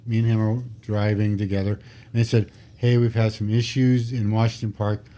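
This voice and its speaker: A man's voice: lowish voice, normal speed. A man, a retired police officer, telling stories animatedly and acting out what people said, on a podcast microphone. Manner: animated, acts out quotes, self-described particular. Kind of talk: casual storytelling.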